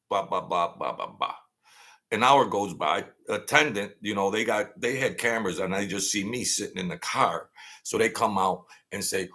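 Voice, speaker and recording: A man's voice: fairly low pitch, lively intonation, unhurried, sharp tone. A man telling stories from his past in a loose, rambling way, swearing freely and skipping details with "blah, blah, blah.". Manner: rambling and profane, fills gaps with "blah, blah, blah". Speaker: storyteller recounting his past. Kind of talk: casual spoken storytelling.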